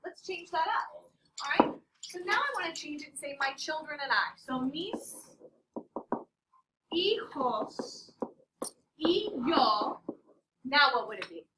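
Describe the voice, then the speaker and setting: A woman teaching a Spanish class, playful and animated, quizzing her students as she goes. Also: high voice, slow, long pauses, very noisy. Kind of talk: classroom lesson. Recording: distant classroom mic.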